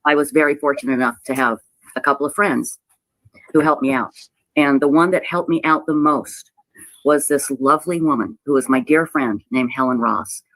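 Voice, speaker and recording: A woman telling a personal story in a halting, emotional way, often repeating herself and close to tears. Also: extremely low pitch, no room sound, low-quality recording. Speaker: website owner telling her story. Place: played clip of a livestream.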